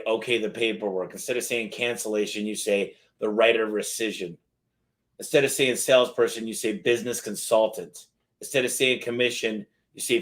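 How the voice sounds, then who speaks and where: A man's voice: mid-range voice, a bit bright. A man hosting a casual live question-and-answer stream, talking loosely and reading lists aloud.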